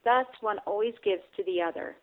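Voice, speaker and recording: A woman reads spiritual reflections in a calm, measured way and speaks directly to the listener. Her pitch is middling. The audio is narrow and tinny, like a phone line. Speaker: reader. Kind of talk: devotional reading and reflection.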